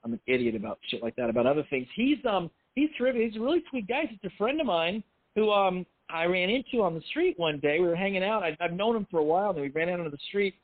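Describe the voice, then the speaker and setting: A man's voice: high voice, very animated, fast talker, no room sound. Rambling self-deprecating man on a tinny line. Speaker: film writer and director. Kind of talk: casual interview talk.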